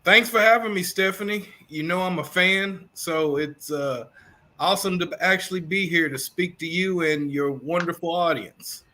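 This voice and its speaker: A man from Kentucky with a Southern accent, a guest teacher answering in a measured, thoughtful way on a video call. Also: high-pitched, bright, forceful tone. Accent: Southern American. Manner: measured, thoughtful, many fillers. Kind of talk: interview answers.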